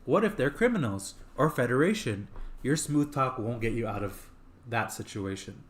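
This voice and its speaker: Man doing a gruff, wary survivor. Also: medium pitch, expressive, normal speed, lightly acted. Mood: suspicious. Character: stubborn, wary young man in denial.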